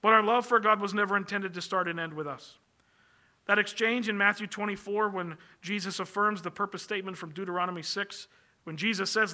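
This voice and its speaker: A man's voice: high voice, steady tone, a little fast, sharp tone. A man preaching a sermon from the pulpit, earnest and emphatic, building long lists as his energy rises. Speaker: pastor.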